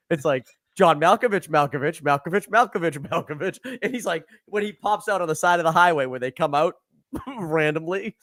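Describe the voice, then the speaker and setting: A man hosting a podcast, chatting casually, laughing often and swearing through animated retellings. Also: sits high. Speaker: podcast host. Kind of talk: casual chat.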